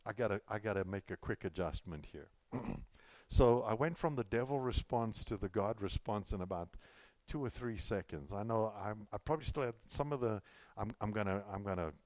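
A man's voice: on the low side, lively intonation, moderate pace, darkish tone, no room sound. A middle-aged man preaching a sermon in a loose, conversational way, telling stories and repeating himself as he goes. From California. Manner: conversational, storytelling with self-repeats and asides. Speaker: pastor.

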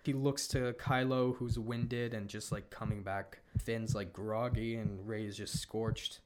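A man casually retelling a film story as a podcast co-host, laughing often and tossing in quick character quotes. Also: fairly low pitch, little pitch movement, background noise. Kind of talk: casual animated storytelling chat.

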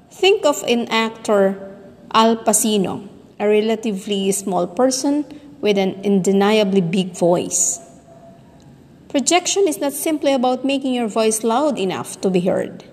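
Slow, deliberate woman teacher in reverb. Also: medium pitch, darkish tone. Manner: slow, deliberate, demonstrating sounds and stress. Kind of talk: recorded voice lesson. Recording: long reverb.

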